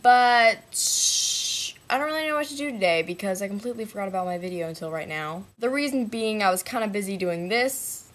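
A woman vlogging casually to the camera, chatty and self-mocking, jumping between hushed asides and excited bursts. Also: medium pitch, brisk, soft background music. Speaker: vlogger in a shared channel. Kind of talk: casual vlog chat to the camera.

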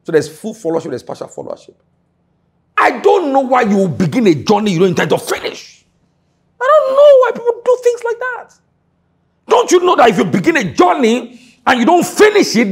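Husky-voiced preacher swinging to shouts. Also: male voice, big pitch swings, normal speed. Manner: swings between low murmurs and shouted exhortation. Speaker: pastor. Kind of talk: sermon.

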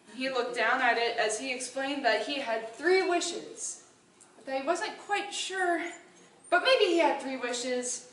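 Bright high woman telling a story live, kinda far off, faint room noise. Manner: animated, playful. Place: indoor event hall. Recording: roomy hall from far off.

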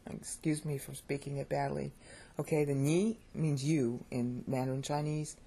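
A middle-aged American woman with a low, husky voice teaches Bible Greek in a chatty, animated way. Her tone is warm and mellow, and it jumps up whenever something excites her. She keeps asking her viewers "okay?" and pokes fun at her own pronunciation. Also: normal speed. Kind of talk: casual video lesson.

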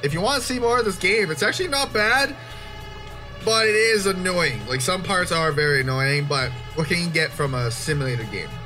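A man's voice: sits high, lively intonation, fairly quick, music in the background. A young man giving casual gameplay commentary as a YouTuber, swearing and joking in exasperation. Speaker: gaming YouTuber.

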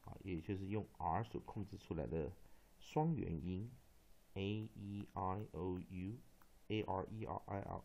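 A man with a Taiwanese accent teaching English pronunciation, slowly spelling out letters and repeating sounds. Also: lowish voice, gravelly, warm tone. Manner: slow, drawn-out spelling and repetition of sounds. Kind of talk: spoken phonics lesson. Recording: dull lo-fi recording.

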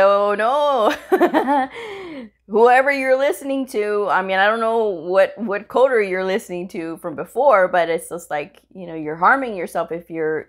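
A woman talking on her vlog in a relaxed, chatty way, recording at home. She tells stories from her job as a medical coder and acts out quoted lines, jumping up in pitch for them. Her pitch sits in the middle of the usual range for a woman. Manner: animated, acts out quoted dialogue with pitch jumps; conversational, frequent "you know" and "okay?". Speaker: medical coder sharing career advice. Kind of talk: casual storytelling vlog.

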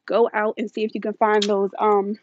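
Walking through a large store with her phone in hand, an American shopping vlogger streams live, chatting in a scattered, laugh-filled way. Her voice sits at medium pitch with a level tone and moderate pace. The phone audio is dull and dry, with slight background noise.

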